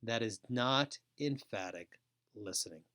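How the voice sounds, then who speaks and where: A man giving a recorded lecture as a foster care educator, speaking deliberately and repeating key phrases. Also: lowish voice, animated, sharp tone.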